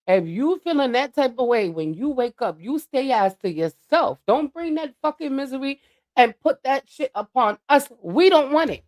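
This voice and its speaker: A woman with a slightly high voice rants to her livestream chat. She is blunt, profane and preachy, lecturing listeners about who to trust. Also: lively intonation, normal speed. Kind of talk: ranting live-stream monologue.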